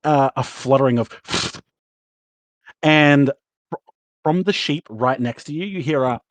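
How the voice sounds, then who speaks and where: Game master, male, mid-pitched, loose rambling narration on a dry close mic. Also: a little slow, no room sound. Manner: rambling, filler-heavy, laughs often.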